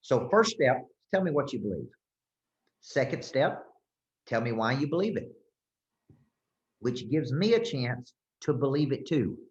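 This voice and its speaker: A man's voice: mid-range voice, big pitch swings, a little slow, long pauses, a little mellow. A man coaching a group, speaking emphatically and checking in often with "okay?" and "right?". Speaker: business coach. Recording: roomy, slightly dull sound.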